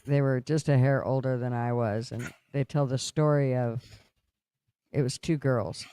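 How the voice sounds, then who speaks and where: A man's voice: mid-range voice, dark tone, clean tone, no room sound. A man telling family stories in a chatty, casual podcast conversation, laughing as he talks. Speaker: podcast co-host. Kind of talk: casual storytelling chat.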